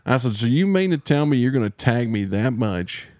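A man's voice: mid-range voice, very animated, moderate pace, a little mellow, dry recording, clean studio sound. Heated, profane Texan man. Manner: profane, heated, mocking impressions. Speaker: podcast host. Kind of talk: casual storytelling rant.

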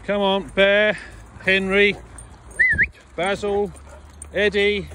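A man's voice: sits high, steady tone, slow pace, pauses often. A man, a dog trainer, chatting and teasing his dogs while out walking in a frosty field. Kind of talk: casual talk to dogs on a walk. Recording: outdoor recording with clear background noise.

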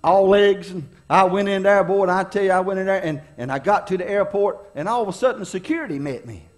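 A middle-aged pastor from preaches with a notably high-pitched man's voice. He tells folksy, funny stories from his own life, rising and dropping for dramatic effect as he draws the lesson. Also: brisk. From North Carolina, US. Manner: folksy, humorous storyteller with dramatic swings in delivery. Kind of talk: storytelling sermon.

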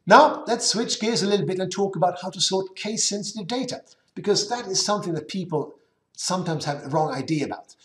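A man's voice: fairly quick, echoey room. A man giving a conference presentation with live demos, explaining step by step and often restarting his words. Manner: explanatory, lively pitch, self-correcting restarts. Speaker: conference speaker.

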